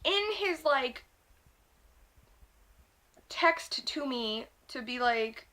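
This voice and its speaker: A young woman vents in a loose, swearing vlog rant, her voice sitting a little high for a woman. She rambles and circles back, peppering almost every phrase with "like". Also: lively intonation, very slow, pauses often, sharp tone. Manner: rambling and profane, constant filler "like". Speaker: vlogger. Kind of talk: casual ranting vlog monologue.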